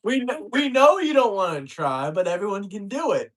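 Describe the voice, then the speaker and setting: Mocking male co-host with lively pitch. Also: normal speed. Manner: mocking, pleading, laughing along. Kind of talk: casual call-in chat.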